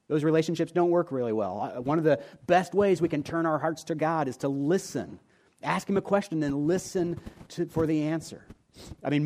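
A man preaching a sermon as a pastor, earnest, rising louder on key points and dropping quiet and soft for prayers. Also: medium pitch.

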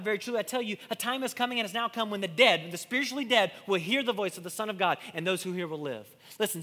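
A man preaching a sermon, swinging between loud declarations and hushed, intimate lines, often repeating and restarting words. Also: high-pitched. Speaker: pastor. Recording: long hall reverb.

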